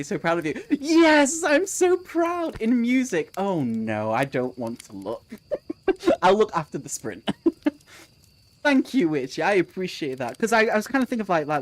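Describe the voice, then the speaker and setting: Lively, giggly book streamer chatting live. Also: medium pitch, normal speed. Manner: laughs often, swears freely, answers chat messages. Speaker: book streamer hosting a reading sprint. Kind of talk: casual live-stream chat.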